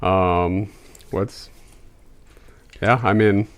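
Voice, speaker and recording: A man's voice: fairly low pitch, fairly even intonation, extremely slow, clear, resonant tone. A man co-hosting a casual food tasting chat, explaining things with hesitant fillers. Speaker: co-host.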